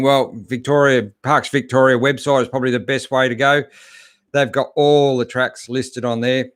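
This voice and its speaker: A middle-aged Australian man hosts a live chat night in a laid-back, easygoing way, full of ums and friendly greetings. His voice sits at an ordinary middle pitch. The recording is dry, with no room sound. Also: normal speed, a bit bright, dry recording. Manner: laid-back, chatty, reads out viewers' comments with lots of fillers. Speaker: host.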